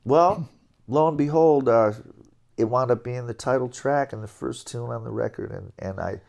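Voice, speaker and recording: A man's voice: medium pitch, normal speed, creaky, lo-fi sound. Middle-aged man telling jazz stories. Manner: animated anecdotes, chuckling, scatting melodies. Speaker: interview guest, jazz trombonist. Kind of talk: relaxed storytelling.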